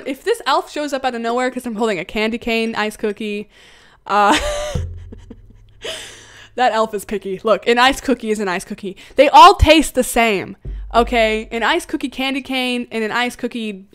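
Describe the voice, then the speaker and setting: A young woman with a high, bright-pitched voice, chatting casually on a game livestream. She giggles often and thinks aloud as she plays, and her talk is loose and chatty.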